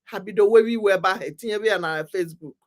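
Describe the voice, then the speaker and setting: A woman's voice: mid-range voice, fast talker. A woman with a Nigerian accent giving an impassioned, repetitive talk to her community, pressing urgency. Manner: emphatic, repetitive, preaching urgency. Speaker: commentator on community affairs. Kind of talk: impassioned talk mixing English, Pidgin and Igbo.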